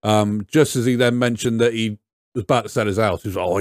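A man's voice: fairly low pitch, fast talker, darkish tone, dry recording, studio quality. A man with a West Country English accent, chatting as a podcast guest, rambling and sweary with lots of "you know what I mean". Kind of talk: casual banter.

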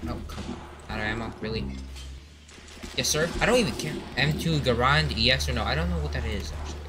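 A young man giving rambling, excitable commentary while playing an online game, with sudden outbursts. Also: medium pitch, a little fast. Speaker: gaming commentator. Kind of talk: casual gameplay commentary. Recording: noisy game audio behind.

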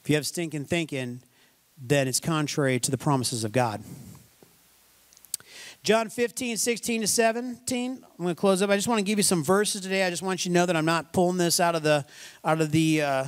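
Guy preaching, high voice, folksy, leans hard on repeating stuff. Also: brisk. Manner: emphatic, folksy preaching with repetition. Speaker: pastor. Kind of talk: sermon.

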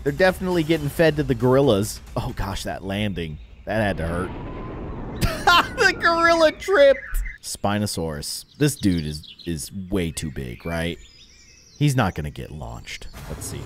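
A man giving excitable, jokey commentary while playing a video game. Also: fairly low pitch, slight background noise. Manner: excitable, jokey, yelps and laughs at the action. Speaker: gaming YouTuber.

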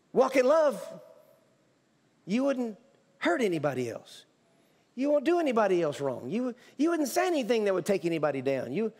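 In a church sanctuary, a male pastor delivers a sermon in a high, animated voice. He preaches emphatically, repeating phrases and starting them over, and a long hall reverb trails each line.

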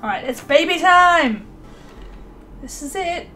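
A young woman casually commentating her life-sim gameplay, excitable and chatty, voicing her characters in quick asides. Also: very high voice, soft background music. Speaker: let's play host.

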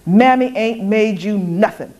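A woman's voice: medium pitch, unhurried, dark tone, lo-fi sound, pitched above the performer's own voice, close to an everyday voice. A woman voicing a fierce, defiant young enslaved woman who taunts and grieves in dialect. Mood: taunting.

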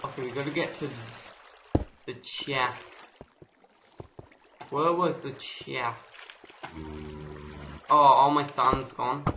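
Male let's-player, slow and jumpy, rages at monsters, noisy home recording. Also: medium pitch. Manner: excitable, yelps and rages at enemies. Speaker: gamer. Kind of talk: let's play commentary.

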